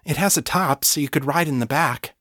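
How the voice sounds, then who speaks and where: A gentle young woman speaks in a tender, reassuring way, put on by a male narrator in a higher voice. The recording is dry and close. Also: a little fast, no echo. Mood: helpful. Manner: soothing, tender.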